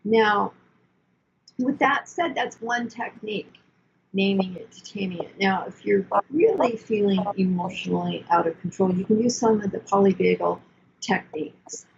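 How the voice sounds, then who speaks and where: Older woman therapist, calm and soothing, slightly gravelly, dull lo-fi recording. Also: medium pitch, moderate pace, a little hiss or hum. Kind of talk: conversational teaching.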